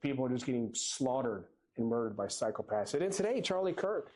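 A man preaches from a church pulpit in an earnest, exhorting way. His tone stays casual and conversational, with a middle-pitched voice. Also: sing-song, brisk, darkish tone. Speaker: lay preacher. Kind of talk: sermon.

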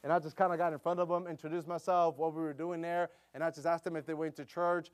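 A middle-aged man preaching a casual sermon, telling stories in a chatty way with lots of "you know" fillers and growing louder when he gets excited. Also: on the high side, fast. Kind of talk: conversational sermon with storytelling.

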